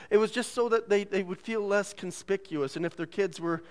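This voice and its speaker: A man's voice: high voice, a little fast. A man preaching a sermon in a church, joking and laughing often and putting on voices when he quotes people. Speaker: pastor. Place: church sanctuary.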